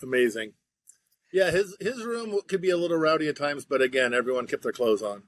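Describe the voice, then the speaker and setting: Dry-humored man guest, slightly high. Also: animated, a little fast, no echo. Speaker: guest, TV writer. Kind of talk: casual chat.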